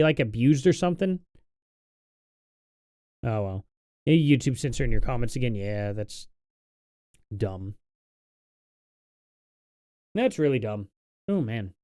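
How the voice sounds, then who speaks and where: A young man talks loosely on a live stream, his voice sitting a little high. He sounds worn out and rambles with sarcastic exasperation. The sound is close and dry. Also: a little mellow, dry recording. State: tired. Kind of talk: casual live stream commentary.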